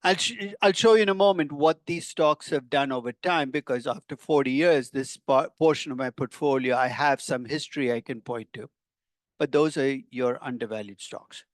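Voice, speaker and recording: An older man teaches a class in a relaxed, conversational way, tossing wry asides at his students. His voice sits at an ordinary middle pitch. The sound is close and dry, with little room echo. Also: normal speed. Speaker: professor. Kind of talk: classroom lecture. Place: lecture hall with students.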